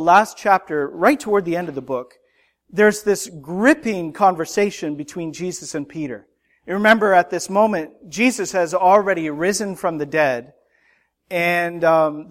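Male pastor, middle-aged, high-pitched, earnest conversational sermon delivery. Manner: earnest, conversational preaching with personal anecdotes.

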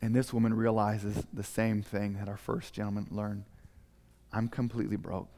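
A male preacher telling a story sermon in an animated, dramatic way. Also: lowish voice, normal speed, in a large hall.

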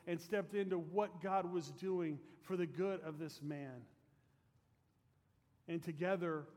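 In a big-sounding room, a pastor whose voice sits a little high delivers a fervent, earnest storytelling sermon. His phrases taper off softly, and afterward he leads a prayer.

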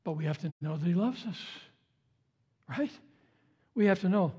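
High-voiced preaching man. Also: expressive, normal speed, mellow, slightly rough, lo-fi sound. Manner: conversational storytelling, repeats phrases for emphasis. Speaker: pastor. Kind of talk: sermon.

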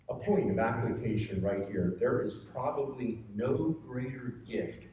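A man's voice: mid-range voice, expressive, a little slow, few pauses, warm tone, slight background noise. A man giving a conversational sermon to a seated group, earnest and rising to emphatic urging. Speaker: preacher. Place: meeting room with a seated group. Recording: echoey room, picked up from far off.

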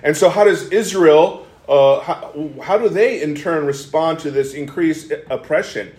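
A man preaching an expository sermon as pastor, animated, often restarting sentences and acting out quoted lines. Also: a little high, a little slow. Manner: animated, acts out quoted speech with frequent restarts. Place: church sanctuary. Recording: echoey church room.

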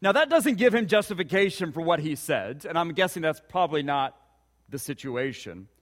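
A man with a notably high voice delivers a sermon, telling stories and pressing earnest rhetorical questions on his listeners. His voice rings out with a long reverb, as in a big hall. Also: animated, moderate pace, a bit bright. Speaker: pastor.

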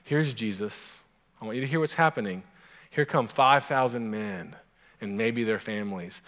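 A man's voice: lowish voice, moderate pace, a bit bright. Man, pastor, conversational sermon, asides to the room, long church reverb. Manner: conversational, self-interrupting storyteller with asides to the congregation.

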